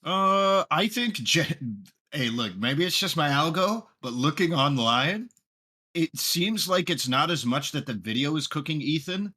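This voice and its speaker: A man's voice: a little high, expressive, a little slow, bright, forceful tone. A man joining a stream to chat casually, friendly and upbeat. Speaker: guest streamer.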